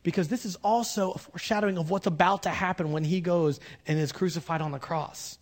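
A man preaching a conversational sermon with humorous asides, swinging between loud bursts and hushed moments. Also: sits high, steady tone, a little fast. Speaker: pastor.

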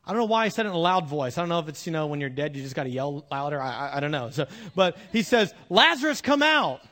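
A man preaching a conversational sermon with humorous asides, swinging between loud bursts and hushed moments. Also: on the high side, very fast. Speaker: pastor.

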